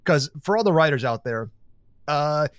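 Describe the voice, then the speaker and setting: Man hosting a podcast, slightly high voice, rambling and laughing, dry close mic. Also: expressive, normal speed, clear, resonant tone, dry recording. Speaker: podcast host. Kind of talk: casual chat.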